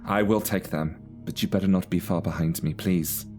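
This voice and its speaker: A man voicing a brisk, commanding female elf in a low voice. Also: darkish tone, soft background music, lightly acted. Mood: urgent. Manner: brisk and authoritative.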